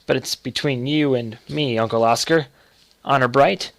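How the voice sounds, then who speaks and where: A man voicing an earnest, secretive young boy who speaks gravely and pleads with his uncle. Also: mid-range voice, fairly even intonation, moderate pace, a bit bright, no room sound.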